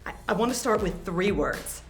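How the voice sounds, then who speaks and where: A woman's voice: medium pitch, lively intonation, normal speed, background noise. A woman hosting a press interview, chatty and enthusiastic in her questions. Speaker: entertainment reporter, host.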